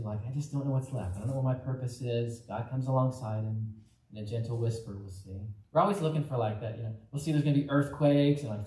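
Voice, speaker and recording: A man's voice: mid-range voice, mellow. A man from Texas preaching a conversational sermon as pastor, often acting out the voices of Bible figures. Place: church sanctuary. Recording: echoey church hall from off mic.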